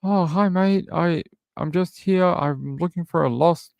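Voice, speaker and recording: A man's voice: a little slow, gravelly, no room sound. A man voicing a pushy British man who wants to be let in to look for lost earbuds, using a raised imitation voice. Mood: pleading. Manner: high-pitched imitation, pleading then yelling.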